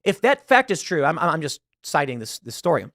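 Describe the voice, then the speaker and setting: A man's voice: a little high, very animated, fairly quick, a bit bright, no echo, clean studio sound. A man giving emphatic online commentary, often repeating words as he pushes his points. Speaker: political commentator.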